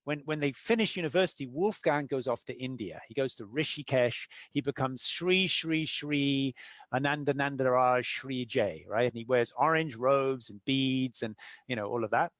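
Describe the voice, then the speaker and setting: Animated man explaining ideas, dry close sound. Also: medium pitch, normal speed, dry recording. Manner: animated storyteller, acts out quoted characters. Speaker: author interviewed as guest. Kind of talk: explanatory interview talk.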